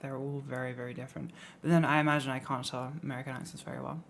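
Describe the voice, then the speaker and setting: Low-voiced British woman chatting casually. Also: level tone, racing, creaky, slight background noise. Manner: rambling, trails off quietly at ends of phrases. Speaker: streamer. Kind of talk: casual live-stream chat.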